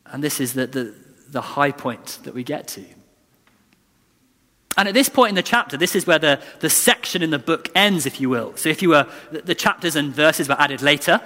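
A man's voice: on the high side, expressive, moderate pace, pushed and bright. A man preaching a sermon in an earnest, conversational way, often restarting and repeating lines for emphasis. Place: church. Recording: long church reverb.

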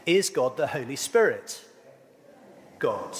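Middle-aged guy preaching in a church, higher voice that bounces around a lot, playful, quizzing the crowd. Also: big pitch swings, measured pace, long pauses, a bit bright. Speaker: pastor. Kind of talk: sermon with congregation call-and-response. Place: church hall. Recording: long reverb of a church hall.

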